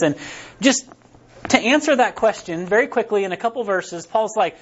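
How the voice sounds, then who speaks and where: A man's voice: high-pitched, very animated, fairly quick. A man preaching a casual sermon, rambling and conversational, with many fillers and restarts. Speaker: pastor. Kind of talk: casual sermon with personal stories. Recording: dull lo-fi recording.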